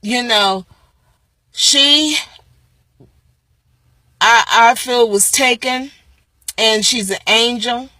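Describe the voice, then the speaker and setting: A woman hosting an interview, asking slow, hesitant, gently prompting questions. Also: a little high, dry recording, rough recording. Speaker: interviewer, host.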